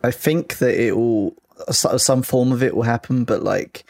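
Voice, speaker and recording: A man talking tech in a relaxed, hedging way on a casual panel podcast. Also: medium pitch, moderate pace, gravelly, no echo, clean studio sound. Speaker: tech editor, podcast guest.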